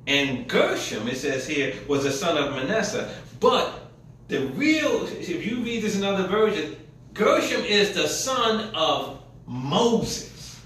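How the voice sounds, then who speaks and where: High-voiced preacher in an echoey hall. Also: male voice, sing-song, takes it slowly, a bit bright, slight background noise. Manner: retells scripture in colloquial paraphrase. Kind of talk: sermon. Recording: echoey room from a distance.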